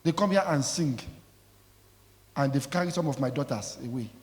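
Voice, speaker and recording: A man's voice: mid-range voice, expressive, moderate pace. A man preaching a sermon as pastor, emphatic and scolding, calling out questions for the congregation to answer. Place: church. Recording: echoey church hall.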